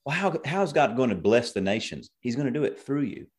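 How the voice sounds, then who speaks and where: A man's voice: mid-range voice, big pitch swings, fairly quick, breathy edge. A man who pastors a church, talking faith in an earnest, preaching way and quoting scripture in conversation. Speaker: pastor and co-host. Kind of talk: conversational ministry talk.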